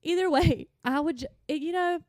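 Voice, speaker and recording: A woman's voice: high voice, normal speed, darkish tone, dry recording, clean studio sound. Giggly woman with a light North Carolina accent. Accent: North Carolina Southern. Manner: giggly, rambling storyteller. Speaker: podcast co-host. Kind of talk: casual chat.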